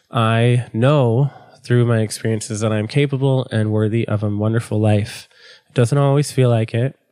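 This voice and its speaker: Podcast host, male, nasal with a cold, earnest and pleading, mellow tone, dry close sound. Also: medium pitch, dry recording. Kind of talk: solo podcast talk.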